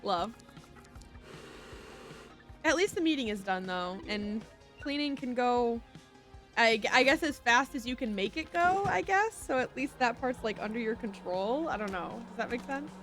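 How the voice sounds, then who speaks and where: A woman's voice: fairly high pitch, lively intonation, normal speed, fairly bright tone. A woman streaming a video game, chatting casually in a rambling way and apologizing often, with faint music behind her. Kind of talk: casual gameplay commentary.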